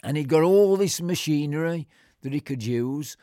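A man's voice: a little high, normal speed, dark tone, dry recording. An older man, telling a rambling personal story in a conversational way, with many fillers and restarts.

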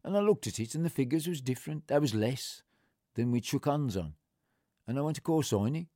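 An older man tells his own story in a blunt, plain-spoken, colloquial manner. He acts out the old exchanges by raising and dropping his voice. His voice sits at a middling pitch, and the sound is close and dry. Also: expressive, fairly quick, dry recording. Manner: acts out remembered exchanges with shifting pitch and loudness. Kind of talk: recounting a personal story.

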